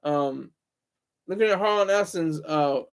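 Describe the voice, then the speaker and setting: A man with a fairly high voice hosts his own stream and talks without a script. He wanders from point to point, stops to fix his own words and stumbles over his sentences, stating his opinions bluntly. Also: normal speed, clean tone. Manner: rambling, self-correcting, opinionated. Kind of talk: casual solo livestream monologue.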